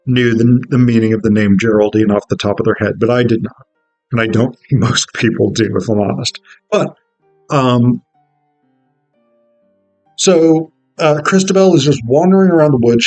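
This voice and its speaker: A man's voice: medium pitch, darkish tone, rough recording. A man explaining a poem in a casual, irreverent way, with swearing and chatty fillers. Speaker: literature video host.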